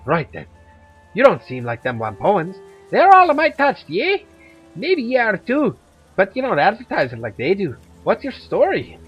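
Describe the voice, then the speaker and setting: A man doing a gruff Irish monster huntress. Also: high voice, wildly swooping pitch, moderate pace, muffled recording, soft background music, heavily acted. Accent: put-on Irish, drifting toward Scottish. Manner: gruff, blunt and chatty, with Irish slang. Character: tough middle-aged Irish woman, blunt monster hunter.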